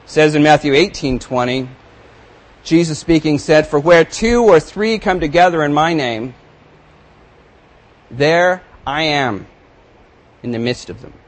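A man's voice: a little high, lively intonation, measured pace, long pauses, poor audio. Man preaching, reading scripture with emphasis. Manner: reads scripture aloud with rising emphasis, then comments quietly. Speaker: pastor. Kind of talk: sermon.

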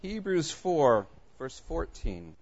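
Male pastor, conversational sermon delivery, lively anecdotes, somewhat higher pitch, dull lo-fi sound. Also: slow pace. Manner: storytelling, animated and conversational. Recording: muffled lo-fi recording.

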